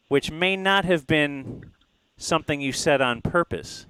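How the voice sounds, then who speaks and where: A man co-hosting a sports radio show, setting up a topic in a halting way with many pauses and fillers. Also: on the high side, bright, forceful tone, clean tone, rough recording. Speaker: radio co-host. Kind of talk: casual sports radio chat.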